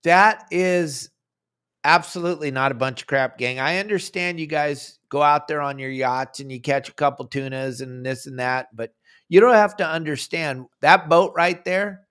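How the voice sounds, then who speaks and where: A man's voice: fairly high pitch, moderate pace, fairly bright tone, clear, resonant tone. A man hosting a fishing podcast, telling stories animatedly with playful impressions. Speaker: podcast host. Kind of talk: casual chat.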